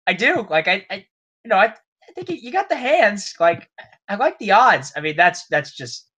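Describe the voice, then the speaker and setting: A man's voice: high voice, sing-song, moderate pace, bright, forceful tone, breathy edge. A man co-hosting a casual hockey podcast, bantering with laughs and quoting stats. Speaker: podcast co-host.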